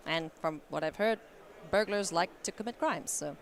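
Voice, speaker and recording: A woman doing live card game commentary at a tournament, playful and quick to laugh. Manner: playful, laughs often, animated swings in pitch. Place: convention hall.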